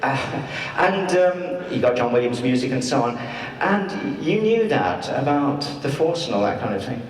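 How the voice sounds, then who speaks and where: A man's voice: mid-range voice, animated, normal speed. A man answering audience questions at a live panel, theatrical and teasing, in a large convention hall. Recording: echoey hall, distant mic, faint noise.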